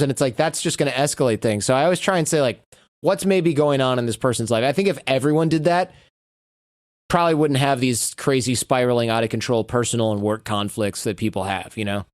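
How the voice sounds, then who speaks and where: Man telling lively stories. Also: mid-range voice, dry recording, clean studio sound. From United States. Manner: animated storyteller who acts out quoted lines. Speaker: podcast guest. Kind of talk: casual interview conversation.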